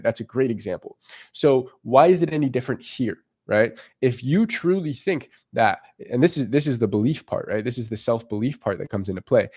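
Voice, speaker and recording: A young man talking as a dating coach in a casual monologue, animated and swearing freely as he acts out little scenes. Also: medium pitch.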